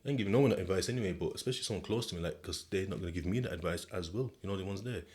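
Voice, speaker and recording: A man's voice: low-pitched, rapid-fire, hardly any pauses, a little mellow. A British man hosting a podcast, telling a story in the second person in a casual, slang-heavy way. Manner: slang-heavy, conversational, repeats "do you know what I mean". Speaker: podcast host.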